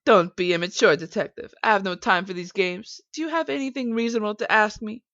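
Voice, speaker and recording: A cold, haughty rich woman, as a woman reads her lines, speaking in a curt, dismissive way. The sound is dry and dull, like a lo-fi game recording. Her pitch stays mid-range. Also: fairly quick, fairly bright tone, no room sound, close to an everyday voice. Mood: cool, dismissive.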